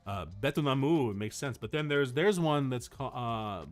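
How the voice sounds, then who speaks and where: A man streaming casual chat, telling a story in an animated way with frequent restarts. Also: medium pitch, moderate pace, faint music behind.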